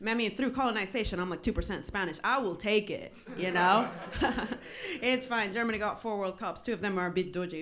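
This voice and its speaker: A woman's voice: mid-range voice, normal speed, a bit bright. Woman doing stand-up crowd work. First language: not English. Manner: self-deprecating, crowd work, many ums. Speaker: stand-up comedian. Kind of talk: stand-up comedy. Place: small comedy club.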